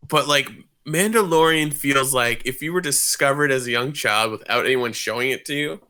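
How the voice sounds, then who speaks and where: A man co-hosting a podcast in casual chat, easygoing and agreeable, often chiming in with quick yeahs. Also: mid-range voice, sharp tone, clear, resonant tone. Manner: easygoing, agreeable, many "yeah"s and "like"s. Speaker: podcast co-host.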